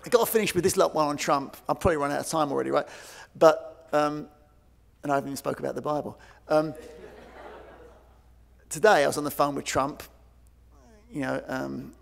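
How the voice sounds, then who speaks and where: A man giving a conference keynote, telling stories in an animated way and acting out quoted voices. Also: mid-range voice, creaky. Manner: animated, acts out quoted voices, many fillers. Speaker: keynote speaker. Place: large conference hall. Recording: long hall reverb.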